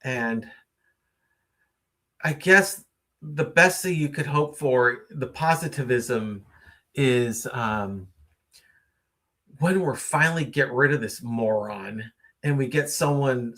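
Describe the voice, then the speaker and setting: On a laid-back late-night stream, the host's voice sits on the high side and sounds pushed and bright. He reads out viewer comments, says hello to viewers, and muses on and on, filling gaps with fillers.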